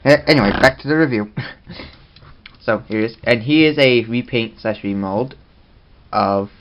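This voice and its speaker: Slow, halting man reviewing toys. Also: mid-range voice, lo-fi sound. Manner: rambling, halting delivery. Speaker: toy reviewer. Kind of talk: casual toy review vlog.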